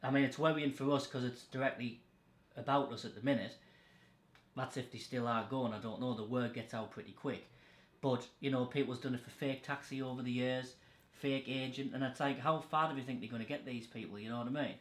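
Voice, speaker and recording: A man tells stories in blunt, heavily sweary casual chat. His voice sits at an ordinary middle pitch and carries the echo of a bare room. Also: fairly even intonation, fairly quick. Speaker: podcast host. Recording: echoey room.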